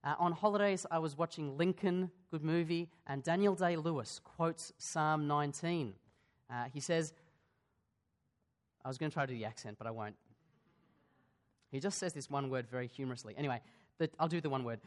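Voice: medium pitch, normal speed, long pauses. A pastor preaching a sermon in a church, in a conversational way, asking the congregation questions and often restarting his sentences.

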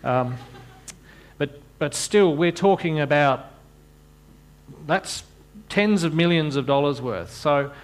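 Slow-talking male preacher with wry asides. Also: on the high side, lively intonation. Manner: frequent repeated words and restarts, wry asides. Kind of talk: sermon.

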